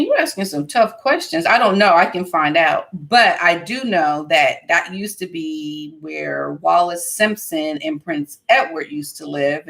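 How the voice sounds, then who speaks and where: An American woman from the United States hosts a podcast, chatting casually and thinking aloud with lots of fillers and restarts. Her voice is low with a fairly bright tone.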